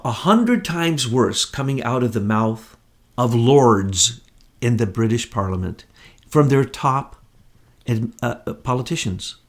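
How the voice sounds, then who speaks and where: An American man in casual political chat, scornful and mocking as he talks. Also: on the high side. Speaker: political commentator.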